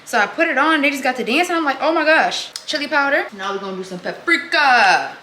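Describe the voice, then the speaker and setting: A woman's voice: high-pitched, expressive, quick pace, bright, forceful tone, a little hiss or hum. A pregnant woman vlogging as she cooks in her kitchen, chatting casually and calling her viewers "girl" and "y'all.". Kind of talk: casual chat while cooking. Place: home kitchen.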